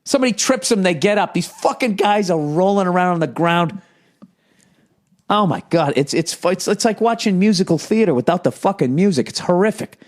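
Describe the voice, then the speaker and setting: A man's voice: high voice, lively intonation, brisk. Profane, riffing American man. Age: 40s. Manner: profane, riffing, reading aloud with mock outrage. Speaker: podcast host. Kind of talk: comedic podcast monologue.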